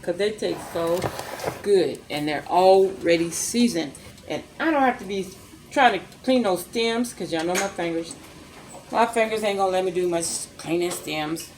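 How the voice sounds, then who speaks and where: A woman's voice: lowish voice, moderate pace, a little mellow. An older woman hosting a casual cooking demonstration, chatting and rambling to her viewers as she works in her home kitchen. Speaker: cooking vlog host. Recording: noisy kitchen with clattering pans.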